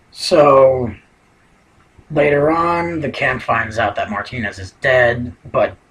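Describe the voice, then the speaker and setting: A man's voice: medium pitch, a bit bright, slight background noise, poor audio. A man giving a casual spoken recap of a TV episode, rambling and leaning heavily on "you know" fillers. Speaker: TV episode reviewer.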